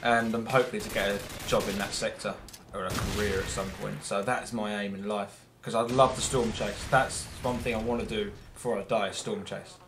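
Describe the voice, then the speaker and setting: A man's voice: lowish voice, steady tone, moderate pace, noisy background. A young man with an English accent, chatting casually and rambling while commentating his own gameplay. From England. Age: young adult. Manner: rambling, chatty, self-deprecating. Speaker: gamer giving commentary.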